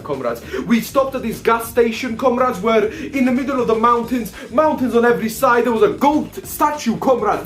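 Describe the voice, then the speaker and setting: A young man tells a travel vlog in an excitable, cursing style, calling his audience comrades again and again. His voice sits very high. It echoes around a roomy space over faint background music. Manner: excitable, swears, says "comrades" in nearly every line. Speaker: vlogger host. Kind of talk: casual travel vlog narration.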